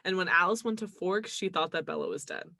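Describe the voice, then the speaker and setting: A woman's voice: on the low side, fairly quick, gravelly, pushed and bright, no room sound, studio quality. A young woman co-hosting a casual podcast, talking animatedly, laughing often and acting out quotes. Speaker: podcast co-host. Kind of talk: casual chat.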